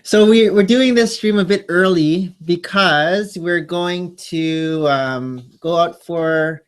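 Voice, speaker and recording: A man's voice: high voice, takes it slowly, clean tone. A man in his thirties with a Canadian accent, co-hosting a live stream in a casual, chatty way. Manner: chatty, relaxed, reads out comments.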